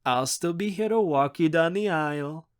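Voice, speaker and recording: A man's voice: a little high, normal speed, smooth, voice pushed up, close to an everyday voice. A man reading an audiobook, voicing a charming male hotel manager in his fifties who talks with genial, teasing assurance. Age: 50s.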